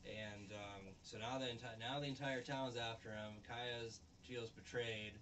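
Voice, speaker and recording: A man's voice: mid-range voice, steady tone, measured pace, a bit bright, a little hiss or hum. A man casually recapping a show, loose and profane, who acts out the characters' lines. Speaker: show reviewer and host.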